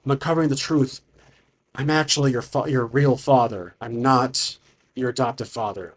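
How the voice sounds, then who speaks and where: A man voicing a middle-aged father who quietly and apologetically confesses a long-kept secret. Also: mid-range voice, normal speed, natural voice. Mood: confessing.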